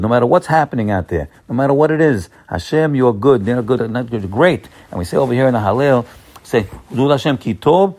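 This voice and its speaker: This mid-range male voice sounds like a rabbi preaching at a holiday. He starts out hesitant, leaning on plenty of fillers, and then works up to eager, forceful outbursts.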